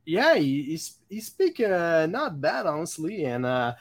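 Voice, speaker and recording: A man from Quebec with a Québécois French accent, a native French speaker hosting a casual podcast interview in eager, halting English. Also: a little high, big pitch swings. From Quebec, Canada. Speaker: podcast host.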